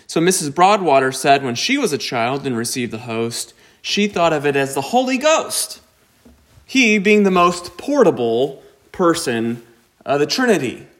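A man preaching a sermon, slow and deliberate, with emphatic rises on key points. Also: a little high, big pitch swings, fairly bright tone. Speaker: pastor.

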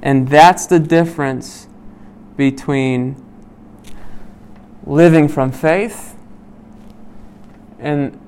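Man with a smooth, clear voice leading Bible study. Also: a little high, fairly even intonation, drawn-out words, pauses often, a little mellow. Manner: conversational, checks in with listeners by asking "right?"; many "um"s and restarts while explaining. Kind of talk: reading scripture aloud and explaining it.

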